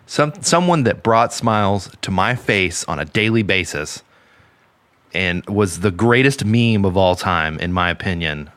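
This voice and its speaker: A man's voice: low voice, expressive, measured pace, a bit bright, smooth, no echo. A man co-hosting a casual podcast, earnest and emphatic, swearing for emphasis. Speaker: podcast co-host.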